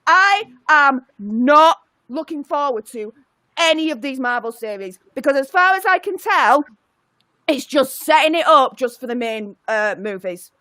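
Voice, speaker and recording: A woman's voice: sits high, expressive, unhurried, pushed and bright, no room sound. A woman on a video call ranting angrily about a TV finale, exasperated and fired up. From United Kingdom. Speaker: panelist. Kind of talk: heated review rant.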